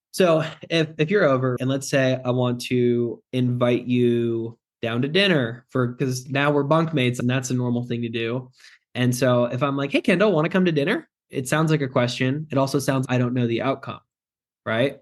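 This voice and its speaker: A man's voice: medium pitch, steady tone, normal speed. A man, a sales closing expert, chatting on a podcast in a direct, joking way and acting out phone calls. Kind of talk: casual podcast chat.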